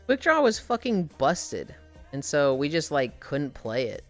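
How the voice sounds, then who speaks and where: A woman streamer chatting casually while walking on a treadmill, telling animated, profane stories and sounding tired. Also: low voice, moderate pace, faint music behind.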